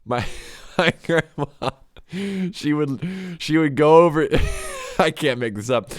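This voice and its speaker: A man's voice: on the high side, animated, slow, no echo, studio quality. A young man hosting a music review livestream, chatting loosely with frequent laughs and fillers. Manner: rambling, laughs often, lots of "like" and "you know". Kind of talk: casual chat.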